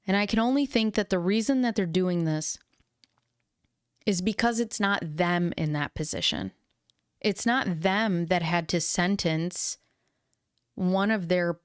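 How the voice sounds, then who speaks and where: Woman with a smooth, lowish voice. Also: no echo, clean studio sound. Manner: emotional, reads quotes aloud then gives personal opinion. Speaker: true crime commentator. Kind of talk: reading court statements and commenting.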